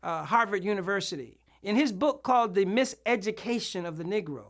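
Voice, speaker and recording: A man, a minister, giving an impassioned preacher-style speech at a political event, asking the crowd for amens and shouting his key words. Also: high-pitched, lively intonation, fairly quick. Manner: emphatic call-and-response, asks for amens.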